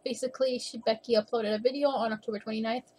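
A woman's voice: a little high, fairly even intonation, quick pace, darkish tone. A woman giving casual, opinionated reaction commentary at home, rambling a little and slightly out of breath. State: a bit out of breath. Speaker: youtuber reacting to a video. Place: at home with her cat.

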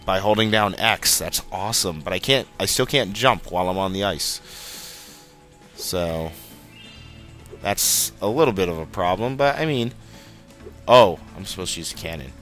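Young male let's-play host, deep pitch with a sharp edge, chatty and self-deprecating. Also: lively intonation, normal speed, faint music behind. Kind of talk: casual gameplay commentary.

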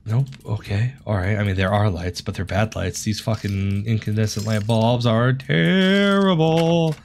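This gaming host speaks at a measured pace in a gravelly, lowish voice. Playing through a horror game on a let's play, he jumps at the scares with yelps and curses, covering his nerves with jokes.

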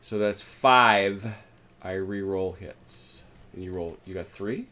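A man hosting a tabletop wargame session, chatting casually as he plays, counting dice aloud and breaking into excited exclamations. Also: deep voice, slow, slight background noise. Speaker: host, tabletop wargame player. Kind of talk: casual play-by-play while gaming. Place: home, at a game table.

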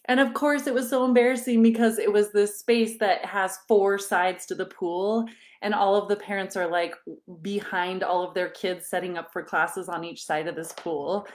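A woman in her thirties coaching parents in a live online session, talking casually to her audience. She tells stories with frequent little laughs. She slips into animated voices when she quotes people. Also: medium pitch, moderate pace. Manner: warm, chatty storytelling with frequent laughs.

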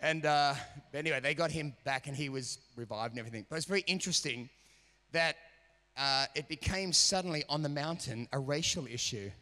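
Male pastor, bright and forceful, animated sermon delivery with acted-out voices, long hall reverb. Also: fairly high pitch, a little fast. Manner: animated, acts out quoted voices. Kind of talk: sermon with storytelling. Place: church auditorium.

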